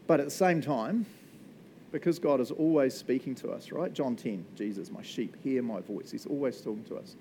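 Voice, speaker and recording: A man's voice: medium pitch, moderate pace, warm tone, slight background noise, poor audio. A man, teaching the Bible in a casual, chatty way, often checking in with "right?" and laughing as he goes. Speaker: pastor.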